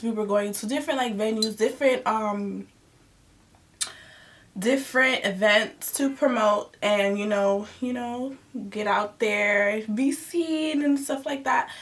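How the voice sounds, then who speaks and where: A woman's voice: medium pitch, a bit bright, distant mic. A young woman vlogger chatting expressively to her viewers in a casual storytime, sounding congested from allergies.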